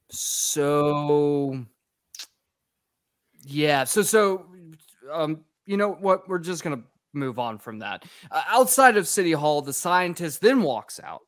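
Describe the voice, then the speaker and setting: A man's voice: a little high, dry recording. Guy cohost swearing thru a movie recap, dry close mic, jokey. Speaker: podcast co-host.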